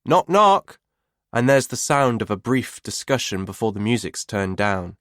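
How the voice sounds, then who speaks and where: A man narrating a thriller audiobook in the first person, in a measured, wry storytelling manner. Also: on the low side, no echo, clean studio sound.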